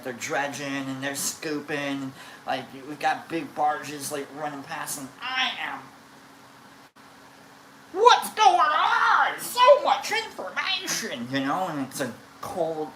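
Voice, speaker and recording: Low-voiced woman telling a rambling story. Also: measured pace, a little hiss or hum. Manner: rambling, animated, many restarts and fillers. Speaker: live streamer. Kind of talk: casual storytelling on a livestream. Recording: echoey room.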